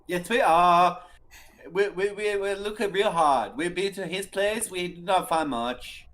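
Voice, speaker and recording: A man's voice: high-pitched, measured pace, a bit bright. A man playing in a tabletop game, talking in an earnest, stammering way. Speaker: player. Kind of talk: tabletop role-play.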